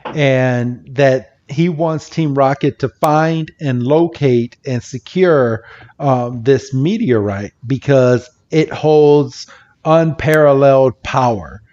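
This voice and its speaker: A man's voice: medium pitch, slow, a little mellow, highs cut off. A man co-hosting a podcast, recapping an episode in a casual way, swearing freely and laughing often. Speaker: podcast co-host.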